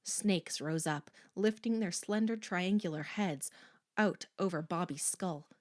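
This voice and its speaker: A woman narrating a horror audiobook in a slow, hushed, suspenseful manner. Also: on the low side, dry recording.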